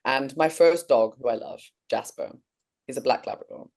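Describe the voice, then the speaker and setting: A woman's voice: a bass voice, normal speed, gravelly. English woman animatedly recounting a dream. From England. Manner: animated storytelling, swearing, laughing. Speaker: podcast co-host. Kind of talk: casual chat, telling a dream.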